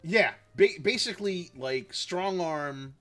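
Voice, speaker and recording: A man's voice: sits high, lively intonation, takes it slowly, a bit bright, soft background music. A man chatting on a game stream, rambling and hedging with a self-mocking tone. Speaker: streamer co-host. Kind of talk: casual chat while gaming.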